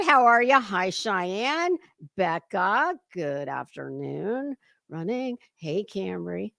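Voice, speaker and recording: A woman's voice: on the high side, gravelly, fairly bright tone, no room sound. A woman hosting a casual livestream commentary, talking in a sarcastic, mocking way and chatting to viewers. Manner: sarcastic and mocking, with lots of fillers.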